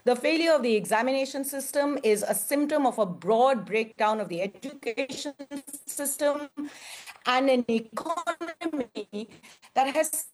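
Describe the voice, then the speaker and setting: Analytical woman from India on a panel. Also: a little high. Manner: measured, analytical, with frequent fillers. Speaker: guest commentator. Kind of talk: panel discussion.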